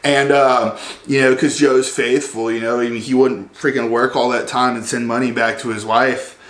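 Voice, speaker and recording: A man rants to his viewers in a rambling, sarcastic way, leaning hard on fillers. His voice sits at an ordinary pitch. The room gives it a roomy echo. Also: level tone, moderate pace, fairly bright tone. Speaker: vlogger. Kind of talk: comedic rant.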